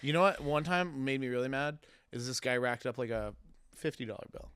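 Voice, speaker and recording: A man's voice: medium pitch, lively intonation, a little fast, fairly bright tone, clean tone, dry recording, studio quality. A man hosting a casual podcast chat, telling stories in a blunt, offhand way. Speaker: podcast host. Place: studio.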